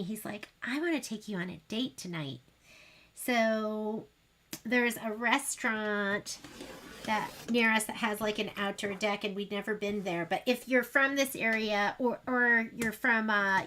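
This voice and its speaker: Bright-voiced chatty woman sewing host. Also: on the high side, a little hiss or hum. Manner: chatty, rambling, self-deprecating. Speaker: sewing shop livestream host. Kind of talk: casual chat while demonstrating sewing.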